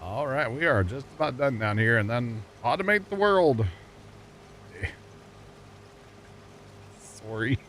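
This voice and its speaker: With a medium-pitched, slightly bright voice, an American streamer talks slowly and animatedly, leaving long pauses. He chats casually with viewers during a farming game, rambling and joking and laughing at his own puns. Slight background noise is audible.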